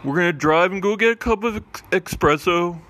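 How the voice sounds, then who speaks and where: A man's voice: high-pitched, a little fast, pitched above the performer's own voice. A man voicing a laid-back, sweary male doctor of puppies who keeps saying "man.". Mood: reassuring. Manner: excited, sweary, says "man" a lot.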